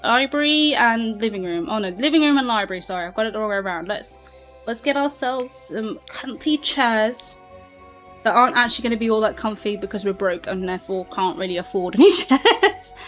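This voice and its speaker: Chatty British woman streamer, slightly high voice. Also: expressive, fairly quick, a bit bright, faint music behind. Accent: mixed British. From southern England. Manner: chatty, laughs often, answers chat. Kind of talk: casual gameplay commentary to live chat.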